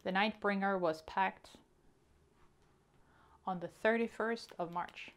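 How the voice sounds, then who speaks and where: Slow-talking excitable woman vlogger. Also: mid-range voice. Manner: chatty and excitable, counting items aloud. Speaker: hobby vlogger. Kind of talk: casual unboxing chat.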